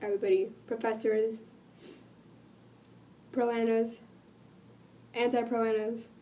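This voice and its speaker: A woman vlogging while sick, her voice cracking and dropping out, talking earnestly and rambling with many pauses. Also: on the high side, little pitch movement, mellow, recorded from a distance, a little hiss or hum. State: sick, voice cutting in and out. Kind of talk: casual talk to camera.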